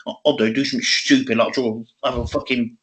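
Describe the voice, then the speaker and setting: A man's voice: medium pitch, little pitch movement, fast talker, fairly bright tone. A man, rambling in casual chat as a podcast co-host, swearing often and laughing. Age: 20s.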